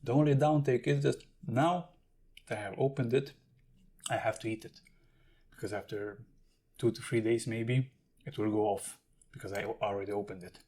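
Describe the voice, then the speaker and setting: A man's voice: mid-range voice, fairly even intonation, normal speed, long pauses, darkish tone. A man talking casually to camera in a food tasting vlog, explaining and eating as he goes. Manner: chatty, talks while eating and handling jars. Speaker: food vlogger.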